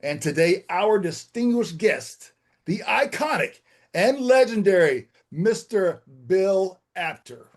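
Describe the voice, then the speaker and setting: A man's voice: high-pitched, animated, takes it slowly. A man co-hosting, delivering a grand, formal announcer-style introduction. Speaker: co-host.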